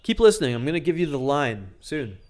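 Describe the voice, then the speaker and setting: A man's voice: mid-range voice, sing-song, a little fast, a little mellow. A man giving casual dating advice to camera, joking and crude, often acting out what people say. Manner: joking, crude, acts out quoted lines in exaggerated voices. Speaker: dating coach.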